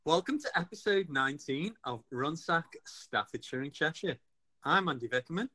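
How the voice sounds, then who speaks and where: A man's voice: fairly high pitch, lively intonation, normal speed, sharp tone, faint music behind. A man from England hosting a casual local podcast, chatty and cheerful, often laughing. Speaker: podcast host.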